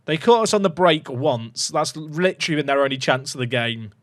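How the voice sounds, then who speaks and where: A man commentating his own football management game, excitable and jokey, reacting loudly to goals. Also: on the high side, brisk, no echo. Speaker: gaming YouTuber.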